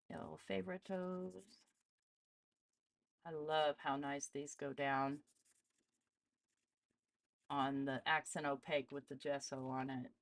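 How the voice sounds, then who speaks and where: Chatty low-voiced woman demoing art supplies. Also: gravelly, no echo. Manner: chatty, greets live viewers while testing supplies. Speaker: art channel host. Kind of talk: casual live art demonstration.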